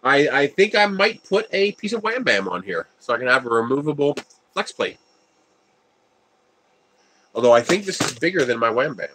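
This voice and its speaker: Lively, laughing man on a livestream. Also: mid-range voice, normal speed, long pauses, slight background noise. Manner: animated, laughs often, tells stories, reads viewer chat aloud. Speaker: livestream host building a 3D printer. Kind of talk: casual live-stream chat.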